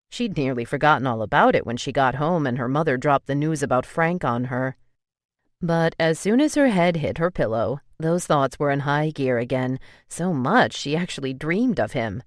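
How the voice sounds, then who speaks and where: An audiobook narrator with a middle-pitched voice, reading a romance novel in an even, measured way. The recording is dry and close, with no room reverb.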